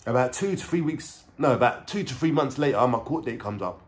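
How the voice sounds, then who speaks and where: A man's voice: mid-range voice, animated, brisk. A man with a London accent telling a story in casual, streetwise slang with frequent swearing. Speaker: vlogger.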